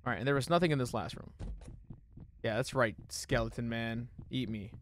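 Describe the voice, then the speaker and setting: A young man streaming a horror game demo, swearing and reacting, shifting between low muttering and sudden yelling. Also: normal speed, no room sound. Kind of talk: live gaming commentary.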